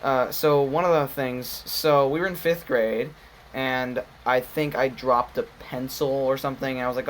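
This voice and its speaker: A man's voice: steady tone, normal speed, a little hiss or hum. Young man rambling through a story. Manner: rambling storyteller, mimics people in a higher pitch. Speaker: podcast co-host. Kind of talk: casual chat.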